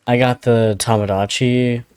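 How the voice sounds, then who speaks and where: A man's voice: mid-range voice, flat delivery, measured pace, a little mellow, clean tone. A man co-hosting a podcast in casual chat, rambling with frequent laughs and casual swearing. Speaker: podcast co-host.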